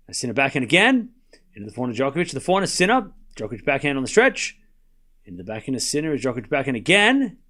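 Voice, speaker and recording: Excitable man calling tennis live. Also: a little high. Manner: rapid rally calling, bursts into excited shouting on big points; teasing banter with chat. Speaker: live tennis watchalong commentator. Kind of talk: live stream play-by-play commentary.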